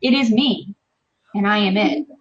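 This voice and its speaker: A woman in her thirties talks with fierce, emphatic passion, swearing freely in the heat of her point. Her voice sits at an ordinary pitch for a woman. The audio from her video call comes through a little muffled and lo-fi. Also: unhurried. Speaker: interview guest, online business marketer. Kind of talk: casual live-stream interview.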